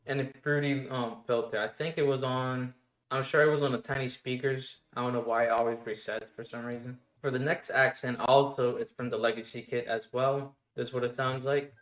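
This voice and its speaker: A man casually walking through his production steps one by one in a relaxed tutorial, with the odd filler word. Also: mid-range voice, a little fast. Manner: relaxed step-by-step explaining with fillers. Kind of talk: casual screen-recorded tutorial. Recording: roomy echo. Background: faint music playing.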